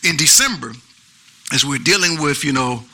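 A pastor preaching an animated sermon with features, calling out to the congregation. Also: male voice, fairly high pitch, normal speed, poor audio. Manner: animated preaching with call-and-response asides.

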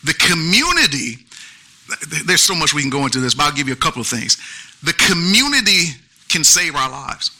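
A pastor preaching an animated sermon with features, calling out to the congregation. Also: male voice, on the high side, brisk, low-quality recording. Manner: animated preaching with call-and-response asides.

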